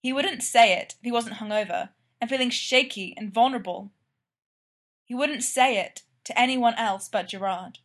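A woman narrating fan fiction aloud in a plain, even way. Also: fairly high pitch, moderate pace. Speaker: reader.

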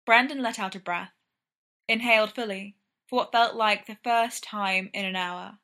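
A woman reading fiction aloud in a measured, even storytelling manner. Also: medium pitch. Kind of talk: audiobook fiction narration.

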